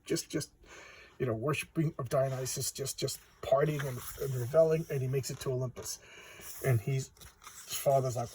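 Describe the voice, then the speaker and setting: A man giving a casual, chatty walkthrough of a comic book, retelling the story in loose talk full of "you know" and quick asides. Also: on the high side, dark tone, a little hiss or hum, rough recording. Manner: acts out characters' lines in quick voices.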